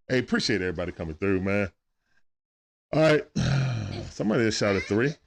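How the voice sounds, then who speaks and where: A man's voice: on the low side, normal speed, vocal fry, slight background noise. A man giving casual play-by-play of a basketball game on a live stream, greeting viewers in chat and talking aside to his son. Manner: animated, greets chat viewers between plays.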